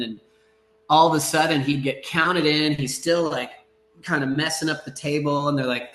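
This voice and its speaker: A middle-aged man chatting as a podcast guest, telling rambling, relaxed stories with many fillers and acted-out quotes. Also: a little high, brisk, roomy sound. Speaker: surf broadcaster, podcast guest. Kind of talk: casual storytelling in a podcast interview.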